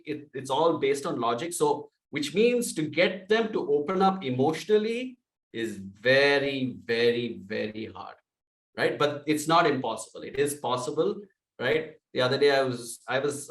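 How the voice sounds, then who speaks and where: Loud energetic man coaching sales, roomy sound. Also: medium pitch, far from the mic. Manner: loud, energetic, acts out sample calls. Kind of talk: sales training talk.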